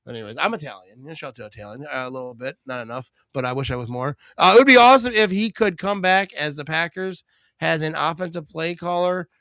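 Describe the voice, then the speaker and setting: A man hosting a live sports watch party, chatting casually, joking and reading viewer comments, breaking into excited play-by-play on big plays. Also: on the high side, fast talker, dry recording. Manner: rambling, joking, reads viewer comments aloud.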